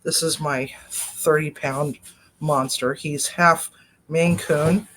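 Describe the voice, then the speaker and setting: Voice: medium pitch, steady tone, slow pace, fairly bright tone, a little hiss or hum. A chef and cooking vlogger giving a casual personal update from a home kitchen, telling a story with tangents into a laptop webcam.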